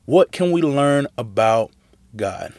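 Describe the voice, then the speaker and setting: A man casually retelling a Bible story in slangy, animated talk, acting out the characters' lines. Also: mid-range voice, slow pace, no echo. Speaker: Bible study teacher.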